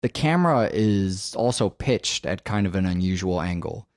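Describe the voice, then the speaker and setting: Low-voiced man talking films casually. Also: animated, normal speed, darkish tone, dry recording, studio quality. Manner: rambling, thinks aloud with many fillers. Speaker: podcast co-host. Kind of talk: casual film discussion.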